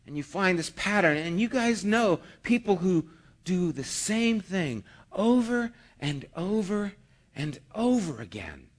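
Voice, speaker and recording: A man's voice: high-pitched, sing-song, a little slow. A man preaching a sermon in a conversational way, asking rhetorical questions and acting out the people he quotes. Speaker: pastor.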